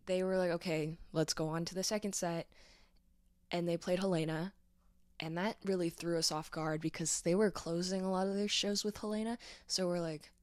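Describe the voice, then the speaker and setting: A young woman with a fairly low-pitched, darkish voice records a casual vlog recapping a concert. Her rambling account is full of fillers and giggles.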